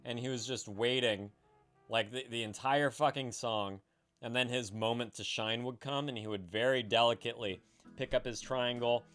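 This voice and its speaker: A man's voice: medium pitch, steady tone, moderate pace, fairly bright tone, faint music behind. A man hosting a live stream, chatting casually with his viewers, swearing freely and laughing often. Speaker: livestream host.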